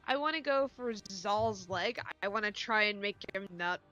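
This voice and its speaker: Woman player, bright voice, wry, thinks out loud, casual table chat. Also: mid-range voice, animated, moderate pace, soft background music.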